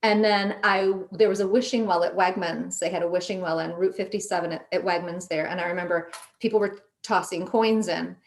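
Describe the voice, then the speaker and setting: A middle-aged woman telling a personal story in a casual chat, animated and quoting herself and others as she goes. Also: fairly low pitch, a little fast. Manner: animated, quotes herself in lively voices. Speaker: podcast guest.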